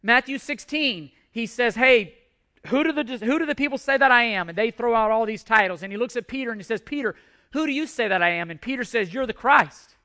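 A man's voice: extremely high pitch, fast talker, bright, forceful tone. A man preaching a sermon to a congregation, emphatic, repeating and restarting phrases as he drives his points home. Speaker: pastor.

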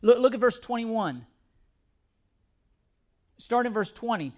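Male pastor with a high voice, emphatic sermon delivery, repeats himself. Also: animated. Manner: emphatic, repeats words, shifts between slow reading and quick asides.

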